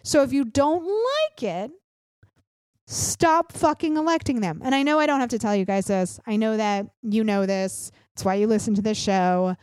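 A woman's voice: fairly high pitch, animated, moderate pace, darkish tone, clean tone, no room sound, clean studio sound. A woman in her thirties hosting a political podcast, ranting bluntly and sarcastically with frequent swearing. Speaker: podcast host. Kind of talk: opinionated political podcast rant.

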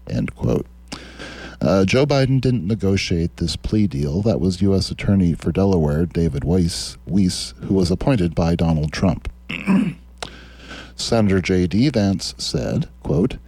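A sardonic male radio host delivering political commentary and reading quotes with mocking asides. His voice is very low, dark and husky, and the recording sounds dry and close in the studio. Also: lively intonation, a little slow, dry recording. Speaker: radio talk show host.

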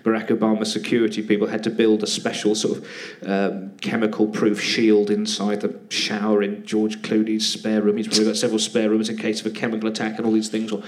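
A fast-talking British man, a comedian and actor appearing as a guest on a live theatre-stage podcast, speaks in a fairly low, monotone, slightly mellow voice with hardly any pauses. His casual anecdotes ramble, poke fun at himself, and are often interrupted by his own laughter.

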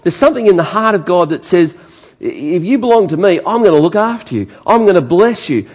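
A man's voice: high voice, brisk. A male preacher giving a sermon, questioning his listeners and repeating words as he builds. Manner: lively, asks the congregation questions, stammers on repeats.

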